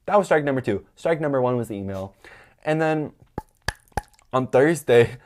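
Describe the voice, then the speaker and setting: A young man hosting his own podcast, telling a story in a rambling, animated way, full of "like" and swearing. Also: mid-range voice, normal speed. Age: young adult. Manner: acts out quoted people in a raised voice. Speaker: podcast host. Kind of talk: casual storytelling monologue.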